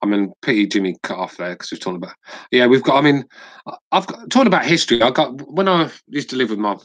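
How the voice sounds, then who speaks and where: A man's voice: medium pitch, animated, fast, a bit bright, no echo, low-quality recording. A man with an English accent, chatting and telling stories on a casual podcast, swearing freely. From England. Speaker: podcast co-host.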